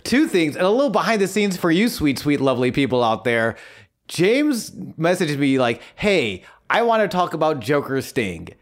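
Excitable, profane male podcast co-host. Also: a little high, normal speed. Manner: excitable, profane, self-mocking storyteller. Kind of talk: casual podcast chat.

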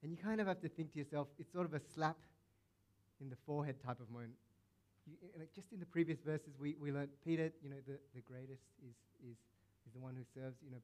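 A man's voice: on the high side, quick pace, a little mellow. A male pastor preaching a sermon in a conversational, playful way, acting out quotes now and then.

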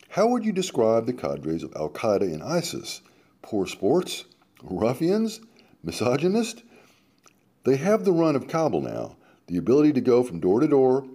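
A man's voice: mid-range voice, dark tone. A man hosting a radio show, reading a column aloud and breaking in with sarcastic asides, dramatic and swinging from emphatic to muttered. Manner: interjects sarcastic asides between quoted passages. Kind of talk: reading aloud with running commentary.

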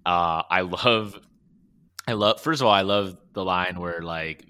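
Deep bright-voiced man, casual podcast. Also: unhurried, clean tone. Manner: enthusiastic, acts out quoted lines. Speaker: podcast co-host. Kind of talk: casual chat.

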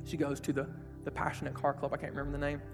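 High-voiced, emphatic man preaching. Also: monotone, very fast, creaky. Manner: emphatic and casual, with slang and rhetorical questions. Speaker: pastor. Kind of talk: sermon to young people. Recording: echoey hall, faint music behind.

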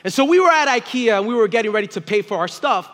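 Pastor, thirties man, very high-pitched, animated sermon storyteller, calls for congregation responses. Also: quick pace. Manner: storytelling preacher, swings from quiet to loud exclaiming.

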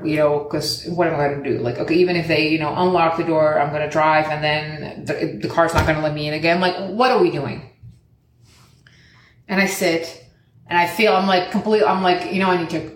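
A woman's voice: reverberant, slight background noise. A young woman telling a casual story and acting out the quoted lines, swearing often. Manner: animated, acts out quoted lines in higher pitch, swears often.

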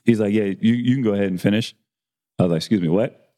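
A man's voice: on the low side, quick pace, dark tone. A man telling a barbershop story in casual chat, acting out the dialogue and swearing freely. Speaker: barber and podcast host.

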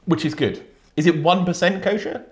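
A man's voice: high-pitched, moderate pace. A man co-hosting a podcast in casual chat, jokey and enthusiastic, swearing now and then. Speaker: podcast co-host.

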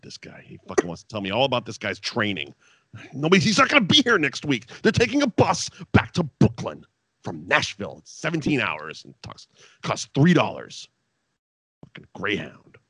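Casting note: over-caffeinated male podcast co-host, exasperated and sweary, bursts up high when annoyed, dry close sound. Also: wildly swooping pitch, moderate pace, sharp tone, breathy edge, dry recording. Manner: exasperated, sweary, ranting with sudden high outbursts. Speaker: podcast co-host reviewing wrestling. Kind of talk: casual profane rant.

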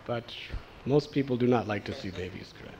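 A man giving a devotional storytelling sermon, animated and acting out the voices of the people in his tale. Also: mid-range voice, moderate pace, highs cut off, slight background noise. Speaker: spiritual teacher.

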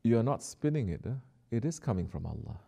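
Man, preacher, sermon, deep, mellow, exhorting. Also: big pitch swings, fast talker, creaky, husky. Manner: exhorting, swings from soft to emphatic.

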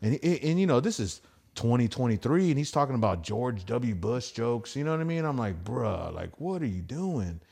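A man's voice: mid-range voice, animated, normal speed, gravelly, darkish tone, husky. Rambling, profane man telling comedy stories. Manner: rambling, profane, restarts and acted-out quotes. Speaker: podcast host and stand-up comic. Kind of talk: casual storytelling chat.

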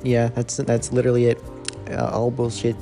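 A man's voice: mid-range voice, monotone, normal speed, vocal fry, over music. A man opening a casual podcast in a rambling, crude, offhand way. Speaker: podcast host.

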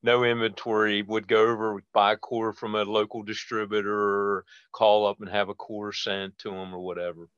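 Older male host with a low voice adding trade facts, recorded dull and dry. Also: little pitch movement, normal speed, hardly any pauses, a bit bright, smooth, no echo. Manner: chiming in with industry facts. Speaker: podcast host. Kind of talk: casual interview chat.

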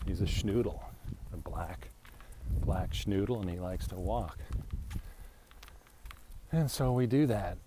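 Deep-voiced man rambling on a walk. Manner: chatty, meandering, self-interrupting with restarts. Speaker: podcast host. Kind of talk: casual rambling monologue. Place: outdoors, walking a dog in a residential neighbourhood. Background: pool pump noise.

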